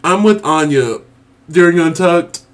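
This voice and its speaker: A man co-hosting a casual TV review chat, animated and laughing often, acting out his own reactions in big exaggerated bursts. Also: fairly high pitch, measured pace. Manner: laughs often while talking. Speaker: co-host of a TV review show.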